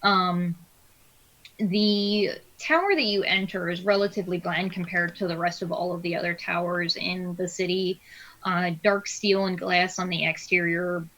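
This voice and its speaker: Brief: female game master, low-ish voice, hesitant filler-heavy narration. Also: fairly even intonation, a bit bright, rough recording. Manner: hesitant, many filler pauses.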